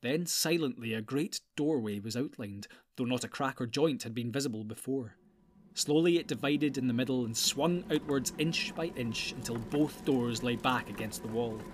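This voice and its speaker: A man narrating an audiobook in a calm, measured storytelling manner. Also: medium pitch, a little hiss or hum.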